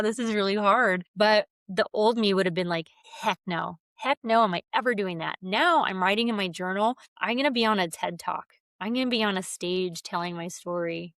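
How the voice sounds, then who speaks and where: A woman's voice: medium pitch, no echo, studio quality. A woman podcast guest talking openly and earnestly about healing, often laughing and acting out her own inner voice. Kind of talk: reflective conversational interview.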